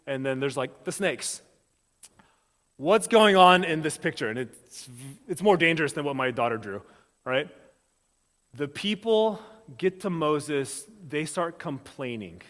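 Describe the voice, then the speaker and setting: A man preaching a sermon as pastor, lively and animated, acting out the voices of the people in his story. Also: on the high side, long reverb tail.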